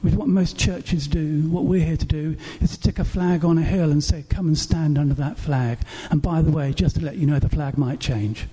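A man preaches from the pulpit, his voice pitched notably high yet mellow and soft in tone. A heavy huskiness runs through every phrase as he stacks up rhetorical questions, earnestly urging his congregation. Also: fairly even intonation, moderate pace, few pauses, breathy edge. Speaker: pastor. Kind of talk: sermon.

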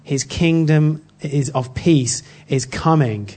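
A man's voice: on the high side, a little mellow. Earnest man giving an informal sermon. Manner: earnest and halting, frequent restarts. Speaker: church speaker. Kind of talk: informal sermon with personal story.

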